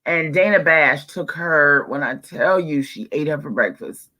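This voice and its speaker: A woman's voice: low voice, unhurried, pushed and bright. A woman co-hosting a podcast, giving strong opinions in a casual chat. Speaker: podcast co-host.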